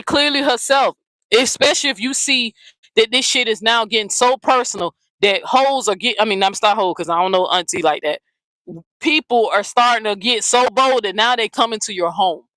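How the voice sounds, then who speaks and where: A woman's voice: on the high side, fairly bright tone, no room sound, low-quality recording. Blunt, profane woman ranting, dry sound. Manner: blunt, profane, repeats herself. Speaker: commentary channel host. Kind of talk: heated casual commentary rant.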